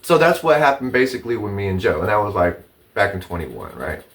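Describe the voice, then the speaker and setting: A man's voice: on the low side, big pitch swings, a little fast, a bit bright, far from the mic. Profane, heated man talking a bit off-mic. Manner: profane, repeats himself, rising indignation. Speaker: vlogger telling his side of a dispute. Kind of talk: casual, heated storytelling to camera.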